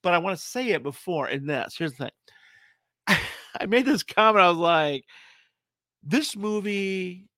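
A man co-hosting a podcast, chatting casually about a movie, animated and laughing often. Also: fairly high pitch, normal speed, no echo, clean studio sound. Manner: animated, laughs often, puts on silly voices. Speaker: podcast co-host.

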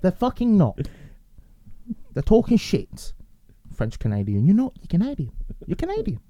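Brief: male podcast co-host, blunt and sweary, laughs a lot, lively high-ish voice, dry close sound. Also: normal speed, no room sound, muffled recording. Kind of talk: casual chat.

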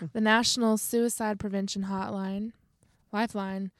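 A woman's voice: medium pitch, steady tone, slow pace, no echo. Texan woman reading out a hotline. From Texas. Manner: playful, chiming in. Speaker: guest. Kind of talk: casual chat.

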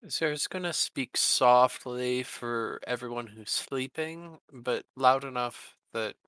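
A man playing a tabletop game, switching between narrating his character and speaking as him in an animated way. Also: mid-range voice, slow pace, clear, resonant tone, no echo, poor audio.

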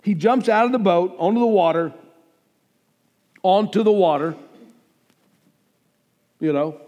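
A man's voice: high voice, measured pace, dark tone, big-room sound, muffled recording. A man pastor preaching a sermon emphatically, swelling and dropping his volume and acting out the lines he quotes.

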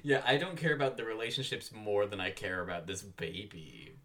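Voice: low-pitched, a little fast, fairly bright tone. A young adult co-hosting a casual podcast, recapping a drama with playful jokes and frequent laughter. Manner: playful, jokey, laughs a lot. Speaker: podcast co-host.

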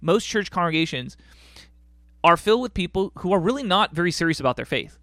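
A man hosting a podcast interview, explaining his view in a relaxed, measured way. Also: high-pitched, no echo, clean studio sound. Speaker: podcast host. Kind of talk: casual conversational interview.

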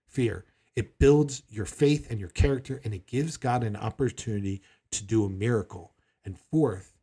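A man's voice: medium pitch, mellow, husky. A man preaching a sermon in a conversational way, acting out the people he quotes. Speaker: pastor.

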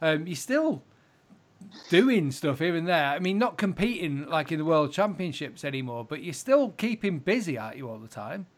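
A man with a Yorkshire accent hosting a casual chat, jokey and lively. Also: fairly high pitch, moderate pace. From Yorkshire, England. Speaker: host.

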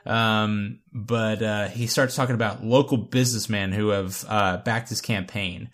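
A man's voice: mid-range voice, measured pace. A man hosting a podcast, recapping a TV episode scene by scene and reading out lines in casual chat. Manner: recounts scenes, reads quotes in a lively voice.

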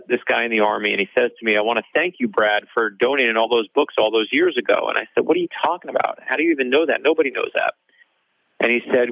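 A male author, heard over a dry, tinny, phone-like line with no echo, tells a story in an interview. His mid-range voice has vocal fry, and he animatedly acts out the dialogue.

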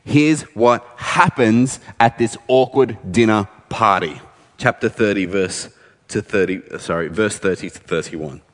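A low-pitched male preacher delivering a sermon, telling the story conversationally and dropping in casual asides. His voice rings with a long reverb, as if in a large church hall. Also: measured pace.

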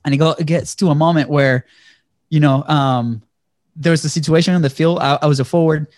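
A man from Venezuela telling a personal story in conversation, animated and lively, often checking in with "right?" and acting out what people said. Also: a little high, a little fast, no room sound, studio quality. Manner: animated storyteller, acts out quotes, frequent "right?". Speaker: guest.

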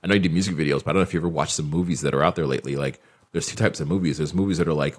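A man's voice: rumbling low, rapid-fire, slightly rough. A man in a casual podcast conversation, reflective and rambling, with lots of "like" and "you know.". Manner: reflective, rambling with many fillers.

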